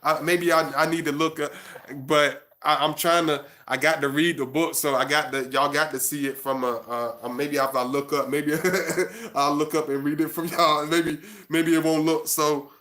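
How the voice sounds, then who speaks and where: Bright, flat-toned man chatting on stream. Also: a little high. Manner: halting, with many restarts while chatting; slow and hushed when reading his prose. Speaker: author and channel host. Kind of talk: casual livestream chat and reading aloud.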